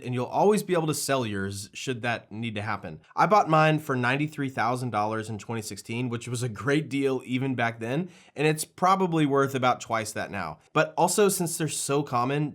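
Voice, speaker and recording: A man in his thirties talks straight to his viewers in a relaxed, conversational way. His voice sits at a medium pitch and he often breaks into a small laugh as he explains. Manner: conversational, laughs lightly, plain-spoken. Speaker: aviation channel host and plane owner. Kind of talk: casual explainer to camera.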